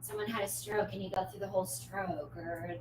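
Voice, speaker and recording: A woman's voice: medium pitch, fairly even intonation, a little fast, distant mic. A woman hosting a casual chat, asking questions and laughing along. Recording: echoey room with noise.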